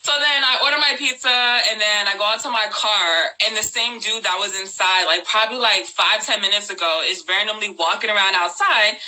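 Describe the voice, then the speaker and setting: Bright-voiced woman telling a story. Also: medium pitch, brisk, hardly any pauses, low-quality recording. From New Jersey, US. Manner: animated, laughing, slangy. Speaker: host. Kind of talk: casual live-stream storytelling.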